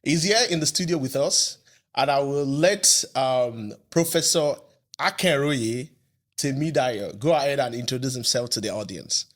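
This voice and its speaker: A man's voice: mid-range voice, moderate pace. A man hosting a podcast in a studio, chatting casually in a playful, rambling way with many restarts. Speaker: podcast host. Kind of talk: casual interview chat.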